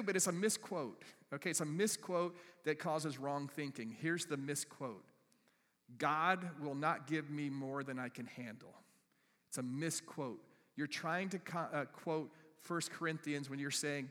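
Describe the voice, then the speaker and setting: A male pastor preaching a sermon, swinging between loud emphatic bursts and hushed, soft passages. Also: a little high. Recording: reverberant church hall.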